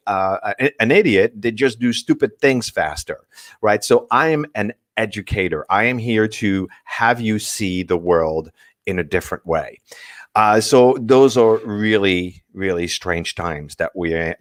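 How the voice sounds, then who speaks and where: A French-accented man presents a marketing talk over a video call. His voice sits fairly low, and the sound is dry and close with no room echo. He tells animated stories, stumbling over restarts and fillers. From France. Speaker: guest speaker. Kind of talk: webinar presentation.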